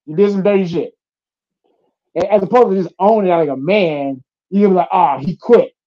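Over dull-sounding audio, a young adult male fighter from the UFC talks briskly in a high-pitched voice. His casual interview chat is full of animated anecdotes, performed quotations and plenty of profanity.

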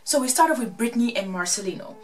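A woman recapping a reality show in a casual, gossipy, animated way. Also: on the high side, fast, recorded from a distance. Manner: gossipy, animated, acts out quotes.

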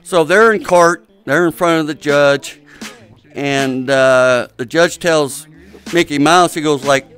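A man drawls through long, rambling jokes, stopping often on hesitant uhs. His voice is clear and smooth and sits a little high. Faint music plays behind him. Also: fairly bright tone. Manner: rambling, drawn-out delivery with many uhs. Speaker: joke teller in an online game lobby. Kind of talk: casual joke telling.

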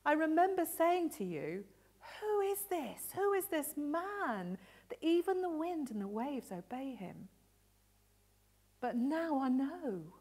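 A woman voicing an excited adult male fisherman apostle, retelling an adventure in an animated, breathless way. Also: sits high, takes it slowly, pitched above the performer's own voice, heavily acted. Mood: awed. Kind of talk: all-age church story role-play.

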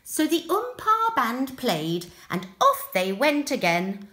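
A woman who teaches nursery school, reading a storybook aloud to young children in a gentle, expressive way. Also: high voice, takes it slowly. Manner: gentle, expressive and sing-song. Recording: echoey room.

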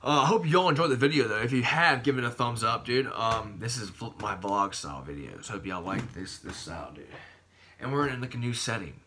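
A man's voice: medium pitch, brisk, sharp tone, slight background noise. A young man vlogging about fitness in a casual, profane, rambling way, saying "dude" constantly. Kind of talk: casual vlog talk.

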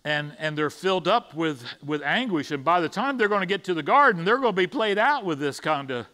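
Guy preaching at church, chatty, lots of restarts, bright ringing voice. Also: high voice, lively intonation, fairly quick, few pauses. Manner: conversational preaching with frequent restarts and paraphrased dialogue. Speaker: pastor. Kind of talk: sermon. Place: church sanctuary.

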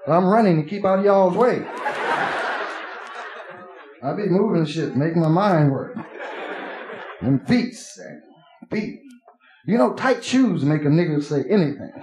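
Profane stand-up comic in an echoey club. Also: male voice, high voice, animated, moderate pace, pauses often, a little mellow, a little hiss or hum. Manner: profane, streetwise storytelling. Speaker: stand-up comedian. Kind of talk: live stand-up routine. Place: nightclub stage. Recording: echoey club with crowd laughter.

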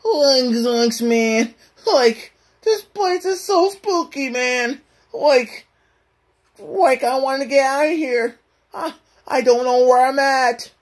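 A man voicing a jittery, scared male cartoon slacker with a high, nasal drawl. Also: slow. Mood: spooked.

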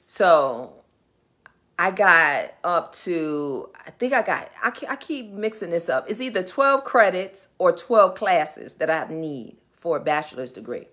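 A woman's voice: sits low, fairly bright tone. A woman with a New York accent hosting a live business Q&A, chatty and digressive, talking straight to viewers. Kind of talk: casual live-stream chat. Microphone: webcam or phone on a live video stream.

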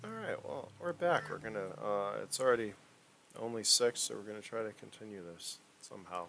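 A man's voice: lowish voice, lively intonation, fairly quick, creaky, a bit bright. A man narrating as game master in a casual, profane, teasing way.

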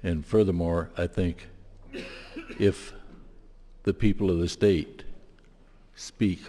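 Deep mellow male senator, measured. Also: fairly even intonation. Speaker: state senator. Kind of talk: legislative floor speech. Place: legislative chamber. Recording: long hall reverb.

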